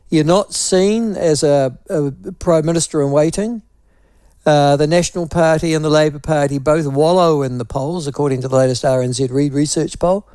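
A man's voice: on the high side, a little mellow, dry recording, clean studio sound. A man with a New Zealand accent hosting talkback radio, teasing apart a phrase with wry, mocking repetition. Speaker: talk radio host.

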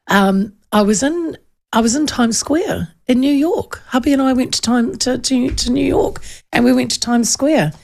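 Chatty gravelly New woman. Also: sits high, moderate pace. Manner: chatty, rambling storytelling with many restarts. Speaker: radio host. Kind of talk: casual chat.

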